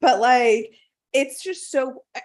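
A woman's voice: high voice, expressive, takes it slowly. A young woman co-hosting a casual chat podcast, laughing often and swearing freely. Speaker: podcast co-host.

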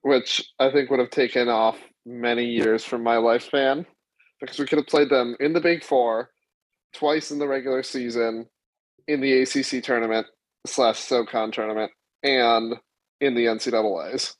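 Guy cracking jokes on a sports podcast, normal pitch. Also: fairly even intonation, normal speed, poor audio. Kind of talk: casual sports chat.

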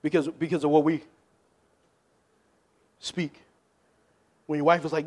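High-voiced pastor preaching with loud-soft swings. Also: male voice, measured pace. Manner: lively preaching, swings from loud jokes to hushed questions. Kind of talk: sermon.

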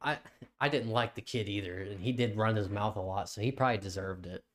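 A man's voice: lowish voice, a little fast, a little hiss or hum. Give me a young man hosting a podcast, rambling and laughing as he tells a story. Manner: rambling, swears a lot, laughs often. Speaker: podcast co-host. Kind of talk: casual chat.

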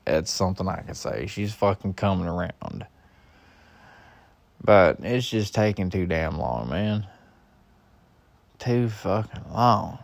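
A man's voice: low voice, lively intonation, slow, vocal fry, pauses often. A young man venting in a profane personal rant, swearing heavily and griping in an exasperated way. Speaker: husband venting.

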